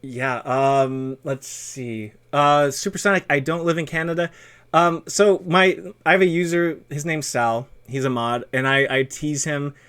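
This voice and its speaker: A man's voice: fairly high pitch, fairly even intonation, measured pace, fairly bright tone, clean tone. A man hosting a casual streamer interview, rambling with many ums and laughing at himself. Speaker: streamer host.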